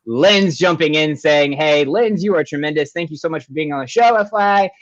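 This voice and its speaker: A man's voice: fairly high pitch, a little fast, no echo, muffled recording. A man hosting a live online show, greeting viewers with upbeat, effusive chatter over a video call. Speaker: show host.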